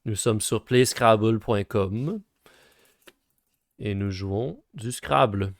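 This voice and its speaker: A man's voice: fairly low pitch, slow pace, no echo, clean studio sound. A man putting on a French announcer voice on his game stream. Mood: announcing. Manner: formal announcing.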